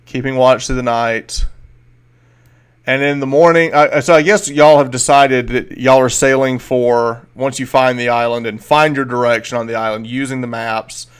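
A man narrating as game master, casual and halting with many fillers. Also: mid-range voice, steady tone, clean tone.

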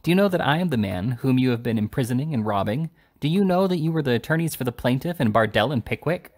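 A man's voice: medium pitch, animated, quick pace, lightly acted. A man reading as Mr Pickwick, emphatic and indignant. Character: indignant elderly gentleman, Mr Pickwick.

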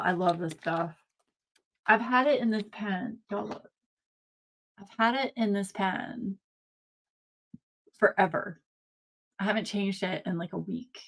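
A woman hosting a casual live-stream craft unboxing from home, gushing and excitable as she chats to viewers. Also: mid-range voice. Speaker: craft channel host.

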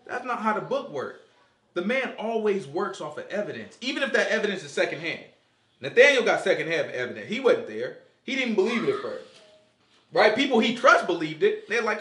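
A man teaching a casual Bible study in an animated way, quizzing his listeners and acting out dialogue. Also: fairly high pitch, fairly quick. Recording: echoey room.

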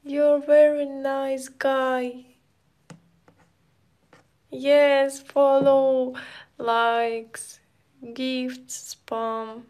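Slow-talking high-voiced woman streamer. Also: a little mellow. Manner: simple non-native English, thanking and greeting viewers. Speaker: live streamer. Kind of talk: casual live-stream chat with viewers.

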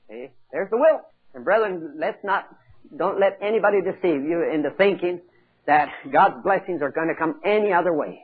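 A man's voice: sits high, lively intonation, normal speed, slightly rough. A man preaching a sermon, telling a Bible story with dramatic acted-out voices and questions to the congregation. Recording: tinny phone-like 1980s audio tape.

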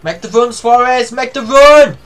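A young man giving live commentary on his own football video game match, excitable, shouting and swearing at the play. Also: very high-pitched, unhurried, soft background music. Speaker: gamer.

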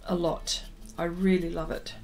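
A woman's voice: fairly low pitch, flat delivery, a little mellow, a little hiss or hum. A woman artist hosting a livestream, chatting casually with viewers while she paints and answering their comments. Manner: talks slowly while working, trails off into fillers.

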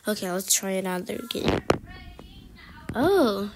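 Girl gamer with a gravelly voice, slow talk, whispers a lot, clicky noisy phone audio. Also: medium pitch. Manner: thinking aloud, often dropping to whispers; excitable exclamations. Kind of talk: mobile gameplay commentary. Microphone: phone mic.

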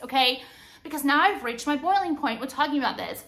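A woman's voice: high-pitched, expressive, fast talker, sharp tone. A young woman vlogging to camera, ranting heatedly with lots of swearing and filler words. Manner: profane, heated ranting with frequent "like". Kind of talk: casual rant to camera.

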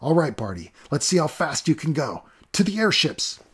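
A man's voice: fairly high pitch, sing-song, moderate pace, a bit bright, slightly rough, voice pushed up, heavily acted. A man voicing a distraught young boy in a storybook reading, pleading and calling out. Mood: eager. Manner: pleading, raised voice.

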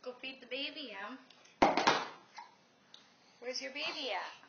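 A young woman filming her toddler at home, coaxing her in sing-song baby talk with gentle questions. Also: high-pitched, slow. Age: young adult. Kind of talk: home video, talking to a toddler. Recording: dull lo-fi home camcorder sound, faint hiss.

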